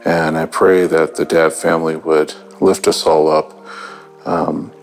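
A man's voice: very deep voice, level tone, a little slow, faint music behind. A man calling in to pray for others, hesitant and full of fillers. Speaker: caller. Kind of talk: phoned-in prayer.

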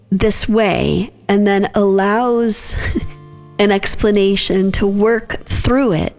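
A woman in her thirties giving a gentle devotional reflection as host, unhurried and soft with small laughs. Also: medium pitch.

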